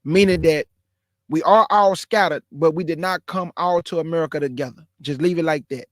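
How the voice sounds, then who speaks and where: Man in his 40s, high-pitched voice, exhorting casual sermon talk, dry close mic. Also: moderate pace, no echo. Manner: emphatic and exhorting, addresses listeners as bro and y'all. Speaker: caller in an online religious discussion.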